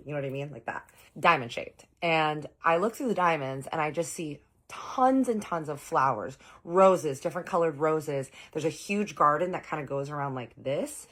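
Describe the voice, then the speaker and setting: A woman's voice: low-pitched, expressive, normal speed, a bit bright. A woman telling a personal story in a chatty vlog style, full of fillers and asides to the viewers.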